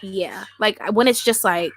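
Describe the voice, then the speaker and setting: A woman co-hosting a podcast in casual chat, playful and quick with asides. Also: mid-range voice, fairly bright tone, no room sound. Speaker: podcast co-host.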